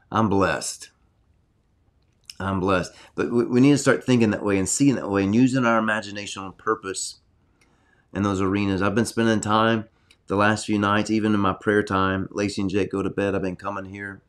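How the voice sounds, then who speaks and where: A middle-aged man hosting a weekly healing livestream from his home study, preaching earnestly and leading prayer with excitable energy. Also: lowish voice, brisk. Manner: earnest, excitable preaching, reads prophecy aloud.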